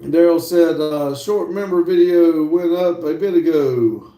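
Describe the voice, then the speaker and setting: A man's voice: on the high side, a little slow. A man hosting a casual live stream, chatting and reading viewer messages aloud with easy laughs. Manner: relaxed, chatty, laughs easily. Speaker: livestream host. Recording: roomy sound from a distant mic.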